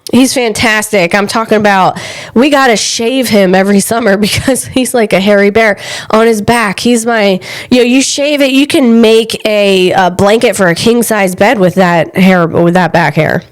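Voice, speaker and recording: A woman's voice: medium pitch, clean tone. A woman hosting a podcast on her own, chatting casually and rambling, laughing often at herself and breaking into short bits of song. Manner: rambling, self-mocking, laughs often, bursts into snatches of song. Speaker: podcast host. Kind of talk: casual solo chat.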